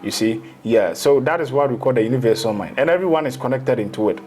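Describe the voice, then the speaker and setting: A man's voice: mid-range voice, animated, fast talker, darkish tone, a little hiss or hum. A man, a spiritual teacher in a casual interview, rambling through explanations and slipping into local phrases.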